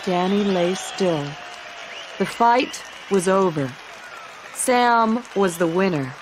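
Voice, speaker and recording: A woman narrating a simple story for English learners, clear and deliberate. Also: mid-range voice, crowd noise, background noise. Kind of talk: slow scripted story reading for English learners.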